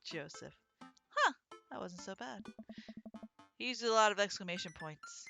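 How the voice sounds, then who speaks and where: A woman playing a dating game on stream, chatting and telling stories in an animated, casual way. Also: medium pitch, normal speed, creaky, soft background music. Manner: animated, chatty, swears and laughs. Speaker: let's play streamer. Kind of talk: casual gameplay commentary and storytelling.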